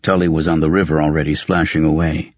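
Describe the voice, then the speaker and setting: A man reading fiction aloud as an audiobook narrator, in a steady, measured storytelling manner. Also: a bass voice, dry recording, muffled recording.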